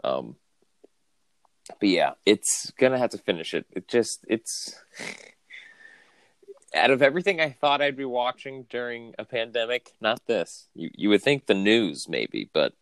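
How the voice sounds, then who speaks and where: A man's voice: mid-range voice, sing-song, a little slow, a bit bright, dry recording. A man co-hosting a podcast from home, chatting casually in a rambling, joking way with lots of fillers. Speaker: podcast co-host. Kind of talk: casual chat. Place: home, remote recording.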